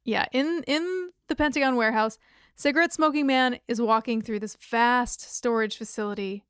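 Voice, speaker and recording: Smooth-voiced woman recapping wryly. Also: a little high, moderate pace, dry recording, studio quality. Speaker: podcast co-host. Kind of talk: casual episode recap chat.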